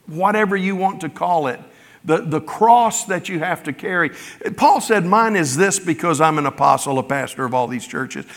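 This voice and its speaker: A man's voice: fairly high pitch, lively intonation, moderate pace. A man preaching a sermon in a conversational way, retelling scripture in his own everyday words. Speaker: pastor. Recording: long hall reverb.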